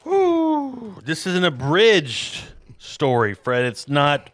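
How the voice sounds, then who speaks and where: A man's voice: on the high side, wildly swooping pitch, slow, fairly bright tone, no echo. A man hosting a podcast in casual chat, rambling and jokey with a self-deprecating streak. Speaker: podcast host.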